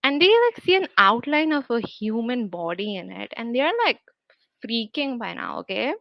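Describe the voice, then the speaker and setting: A woman's voice: a little high, big pitch swings, moderate pace, vocal fry, no room sound. A woman narrating a story casually and chattily, on a dull lo-fi recording. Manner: chatty, full of fillers like "like".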